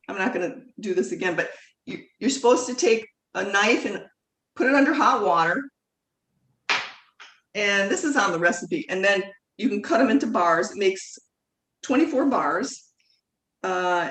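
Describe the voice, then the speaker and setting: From her home kitchen, a woman runs a live online cooking class in a mid-range, slightly bright voice. She rambles in a chatty way, with plenty of fillers and corrections to herself. The sound is echoey and faintly noisy, captured by a video call microphone set at a distance.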